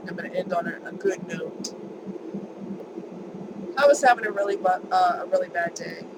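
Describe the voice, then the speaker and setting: A woman's voice: lowish voice, normal speed, background noise. A woman vlogger telling a personal story in a chatty, emphatic way, repeating words for stress.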